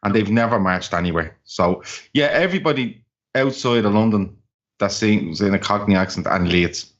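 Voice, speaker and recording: Sweary low-voiced man ranting. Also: moderate pace. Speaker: podcast co-host. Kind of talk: casual football banter. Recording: dull, lo-fi call audio.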